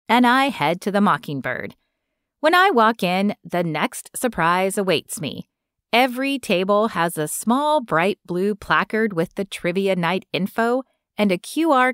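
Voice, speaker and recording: A woman reading a novel aloud in first person, light and steady. Her voice sits mid-pitch, and the sound is dry and close. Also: clear, resonant tone, dry recording. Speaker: audiobook narrator.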